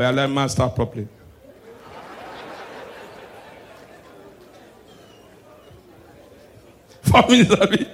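A male stand-up comedian with a Nigerian accent, moving between shouted punchlines and low preachy asides.

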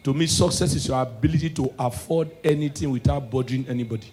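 A man with a Nigerian Pidgin accent doing a stand-up comedy set, swinging from low preachy asides to loud shouted punchlines. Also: quick pace, a little hiss or hum.

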